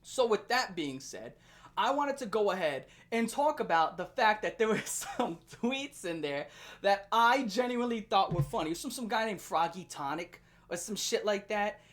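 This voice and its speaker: A young adult woman hosting a ranting commentary video, animated and profane, often laughing. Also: mid-range voice, normal speed. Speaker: commentary channel host.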